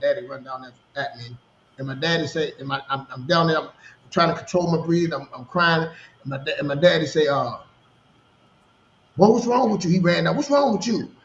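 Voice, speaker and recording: A man in his thirties telling personal stories in a casual podcast conversation, animated and full of restarts. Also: on the high side, slight background noise. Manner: storytelling, animated, repeats words and restarts. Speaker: podcast co-host. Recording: roomy, dull lo-fi sound.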